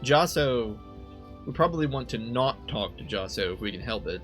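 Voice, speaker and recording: This young man hosts a let's play, chatting casually into a desk mic as he plays and questioning his own choices aloud. He speaks at a moderate pace with a medium pitch and lively intonation, rambling and quick to laugh, with music in the background.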